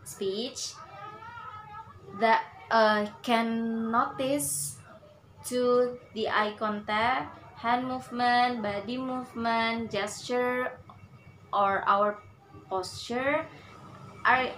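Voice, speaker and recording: Very slow, halting woman presenting. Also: a little high, fairly even intonation, a bit bright, slight background noise, low-quality recording. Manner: halting, many pauses and fillers. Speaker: student presenter. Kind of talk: class presentation on English stress.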